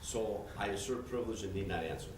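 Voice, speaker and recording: A man under deposition argues back, combative and indignant, and keeps repeating himself. His voice sits on the low side and is picked up from a distance. The room echoes, and loud noise runs behind him. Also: quick pace. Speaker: lawyer being deposed. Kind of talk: deposition testimony.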